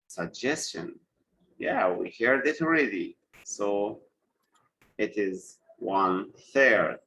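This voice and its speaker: Slow, deliberate male teacher. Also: lowish voice, expressive, bright, forceful tone, rough recording. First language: Arabic. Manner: repeats words slowly for students, switches between English and Arabic. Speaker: English teacher. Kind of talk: live online English lesson.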